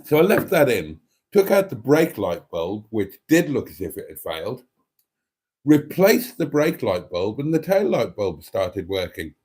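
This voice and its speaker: A man's voice: medium pitch, sing-song, a little slow, darkish tone, breathy edge. A man hosting a casual live stream, reading chat messages aloud and chatting in a self-deprecating way. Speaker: livestream host reading chat.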